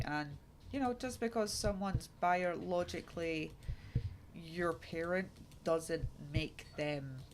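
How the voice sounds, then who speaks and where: Low gravelly woman streamer chatting. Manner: rambling, frank, lots of fillers. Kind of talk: casual chat while gaming. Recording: noisy, keyboard clicks behind.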